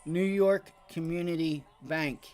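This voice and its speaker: A man's voice: fairly high pitch, slow, a little mellow, faint music behind. A man hosting a live day trading stream, giving casual, coaching market commentary and swearing freely. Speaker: day trading livestream host. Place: home trading office.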